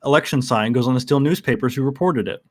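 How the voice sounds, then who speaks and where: A man's voice: medium pitch, fast talker. Laid-back young man telling a story. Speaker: podcast co-host. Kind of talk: casual news chat.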